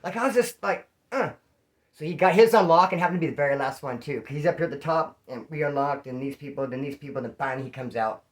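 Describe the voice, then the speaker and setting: He's a former inmate with a slightly high voice and a quick pace, telling stories in a casual, profane, slangy way. Along the way he acts out what other people said.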